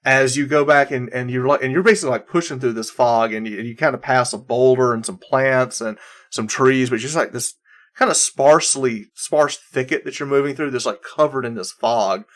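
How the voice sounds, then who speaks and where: A man's voice: mid-range voice, a little fast, fairly bright tone. A man narrating as game master of a tabletop game, rambling with many restarts and fillers.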